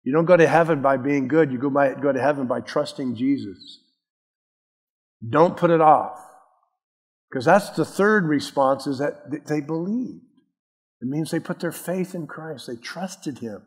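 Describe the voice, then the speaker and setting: In a church sanctuary with a big-room sound, a pastor with a fairly high, breathy voice preaches a sermon unhurriedly. He's earnest and emphatic, often putting questions to the congregation.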